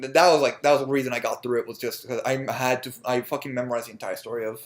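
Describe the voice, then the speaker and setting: A man's voice: mid-range voice, fairly even intonation, rapid-fire, few pauses. A young adult man co-hosting a podcast, rambling casually and swearing often. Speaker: podcast co-host. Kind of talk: casual chat.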